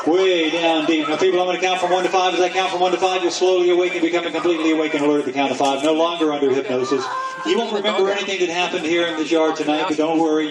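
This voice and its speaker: Brief: male stage hypnotist, slightly high voice, playful with volunteers, slow soothing counts; taped from afar, echoey, with a loud crowd and noise. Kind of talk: hypnosis show patter. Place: outdoors in a yard at night. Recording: distant camera, echoey, noisy crowd.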